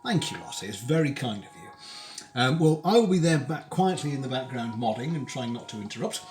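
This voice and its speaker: A man's voice: medium pitch, big pitch swings, a little fast, a little mellow, soft background music. A man hosting a casual live cooking stream from his home kitchen, chatting while he eats. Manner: chatty, talks while eating. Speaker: streamer host.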